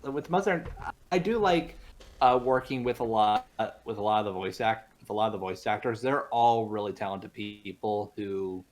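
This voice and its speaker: A man's voice: fairly low pitch, moderate pace. A young man, a voice actor guest on a casual podcast, rambling with many restarts and laughing easily.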